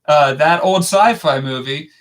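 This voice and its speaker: A man's voice: a little high, measured pace. A man co-hosting a casual live stream, joking and teasing his co-host.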